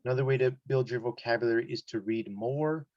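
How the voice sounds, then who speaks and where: A man coaches a student through an English listening test, loosely and conversationally, dropping in lots of "like" and "you know". His voice sits at an ordinary pitch. The call audio is dry and a bit muffled. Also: brisk, a little mellow, dry recording. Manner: casual, explains with examples, many "like" and "you know". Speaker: English test-prep teacher. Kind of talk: one-on-one online lesson.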